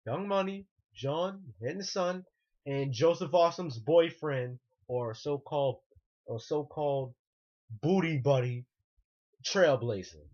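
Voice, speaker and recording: A man's voice: a little high, takes it slowly, a little mellow. A man ranting indignantly in a vlog monologue, repeating himself and restarting sentences. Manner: indignant, repetitive, frequent restarts. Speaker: online ranter. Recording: muffled lo-fi recording.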